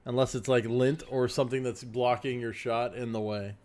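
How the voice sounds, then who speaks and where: A man's voice: medium pitch, steady tone, moderate pace, a crowd in the background. A man hosting a casual chat, playful, with a morning voice, now and then slipping into silly singing or an announcer voice. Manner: playful, breaks into silly sung lines and announcer voice. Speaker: host.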